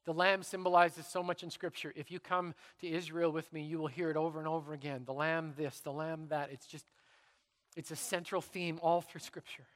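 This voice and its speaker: A middle-aged man preaching a sermon in church, telling stories dramatically and dropping to a hush for emphasis. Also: on the high side, moderate pace, long reverb tail. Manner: dramatic, animated storytelling with sudden drops to quiet. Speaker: pastor.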